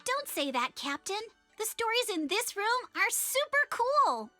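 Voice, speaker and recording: A woman's voice: very high voice, very animated, a little slow, pushed and bright, no echo, heavily acted. An actress voicing a cheerful, eager young girl adventurer in a game. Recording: game audio with music behind.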